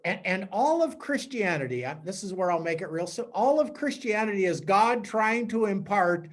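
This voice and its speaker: Higher-pitched man giving a sermon. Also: normal speed. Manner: animated storytelling with acted-out quotes and sound effects; repeats words and restarts mid-sentence. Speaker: priest giving a talk. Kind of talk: spiritual teaching talk.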